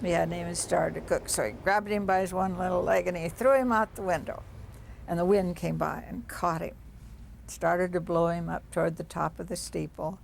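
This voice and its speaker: Gravelly woman telling a folk tale. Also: fairly low pitch, fairly even intonation, normal speed, slight background noise. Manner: rhythmic, repeating refrains. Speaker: storyteller. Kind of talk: oral children's storytelling.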